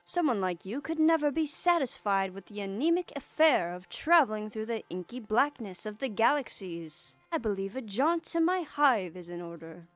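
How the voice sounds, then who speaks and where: A woman's voice: a little high, animated, moderate pace, few pauses, dry recording, faint music behind, natural voice. A woman voicing a grandiloquent young male troll with pompous, flowery, old-fashioned speech. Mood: theatrical. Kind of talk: reading game dialogue aloud in character.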